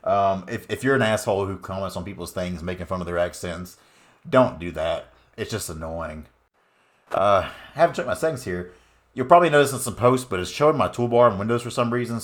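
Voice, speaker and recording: A man streaming a card game, talking through casual commentary with quick offhand asides. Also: low voice.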